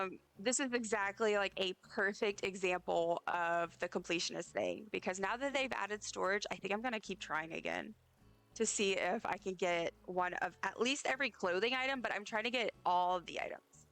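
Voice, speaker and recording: A woman streamer with a hoarse, partly lost voice, chatting casually and rambling to her chat while she plays. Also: medium pitch, a bit bright.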